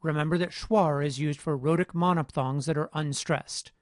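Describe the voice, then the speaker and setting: A man teaching phonetics in a measured, precise lecture voice-over, explaining each point carefully. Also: fairly high pitch, fairly even intonation, dry recording, clean studio sound. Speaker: phonetics instructor. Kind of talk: scripted lecture narration.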